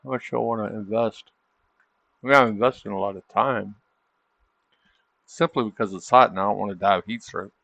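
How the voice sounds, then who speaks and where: A man's voice: fairly low pitch, fairly quick, gravelly, pauses often, a bit bright, no room sound, muffled recording. A man hosting a trading livestream, chatting casually over charts and tossing in tag questions like "isn't it?". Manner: loose, chatty, thinking aloud.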